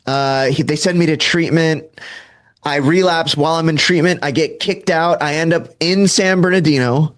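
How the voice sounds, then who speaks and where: A man's voice: on the high side, normal speed. A man in his thirties from Southern California, telling his recovery story in a casual, self-deprecating way and acting out bits of dialogue. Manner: casual, self-deprecating, filler-heavy, acts out quoted dialogue. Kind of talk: candid conversational storytelling.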